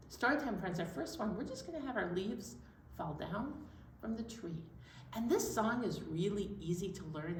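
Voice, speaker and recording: A woman librarian leading a children's storytime in an upbeat, encouraging way. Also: a little high. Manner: upbeat, animated and encouraging, addressing kids. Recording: echoey room, distant mic, faint noise.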